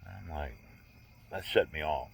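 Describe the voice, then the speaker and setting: Very deep-voiced man in his sixties. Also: a little slow, vocal fry, slightly rough. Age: 60s. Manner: candid, rambling, with wry humor. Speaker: vlogger. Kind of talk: casual personal storytelling.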